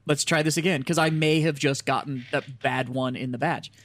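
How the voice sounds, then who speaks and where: A man's voice: fairly high pitch, fairly even intonation, normal speed, fairly bright tone. A man on a podcast telling stories in casual chat, swearing freely and acting out what people said. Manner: profane, storytelling, acts out quoted dialogue. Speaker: podcast co-host.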